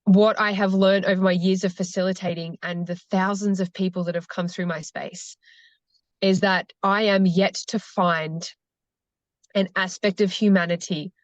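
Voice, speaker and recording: A woman's voice: medium pitch, fairly even intonation, moderate pace, no echo. Woman ceremony facilitator, earnest storyteller, dry muffled podcast sound. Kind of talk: podcast conversation.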